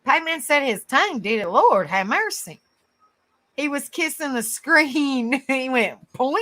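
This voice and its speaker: A woman's voice: high voice, expressive, a little slow, pushed and bright. A woman hosting a casual live stream, affectionate with viewers, exclaiming often and laughing easily. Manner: affectionate, calls viewers honey and sweetheart.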